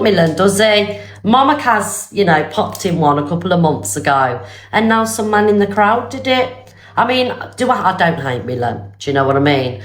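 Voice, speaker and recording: Brief: woman, low-pitched, slight cold, chatty livestream host, roomy echo. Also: sing-song, normal speed. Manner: chatty, swings to high squeals, swears casually. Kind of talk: casual live-stream chat.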